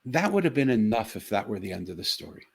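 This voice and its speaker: Middle-aged male co-host, low voice, earnest, animated storyteller. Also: quick pace, vocal fry, breathy edge. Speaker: talk show co-host. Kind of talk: casual chat, storytelling.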